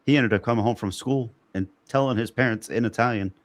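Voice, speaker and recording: A man's voice: medium pitch, quick pace, hardly any pauses, no room sound. A man hosting a casual roundtable podcast, who rambles through stories and laughs often. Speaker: podcast host.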